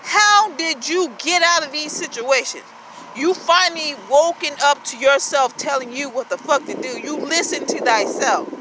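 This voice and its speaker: A woman's voice: high voice, moderate pace, pushed and bright, poor audio. A woman giving a casual motivational talk in a blunt, repetitive way, swearing freely as she urges listeners to speak up and look after themselves. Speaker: motivational vlogger. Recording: outdoor street noise.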